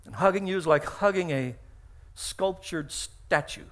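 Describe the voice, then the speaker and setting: This middle-aged male pastor delivers his sermon a little slowly, speaking into a stage microphone in his church sanctuary. His fairly high, bright voice rings out as he acts out the dialogue in his stories and hammers key phrases through repetition.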